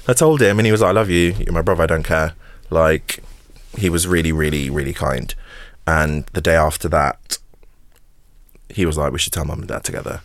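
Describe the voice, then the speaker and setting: A man's voice: extremely low pitch, dry recording, studio quality. A man, an actor openly telling a personal story as a podcast guest, emotional and repeating words. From England. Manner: open, emotional, repeats words, laughs through hard memories.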